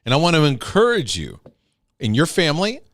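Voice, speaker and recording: Earnest man teaching, lively pitch. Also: brisk, dry recording, clean studio sound. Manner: earnest, emphatic, acts out scolding parents in a loud high voice. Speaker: Christian teacher and speaker. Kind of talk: teaching talk on inner healing.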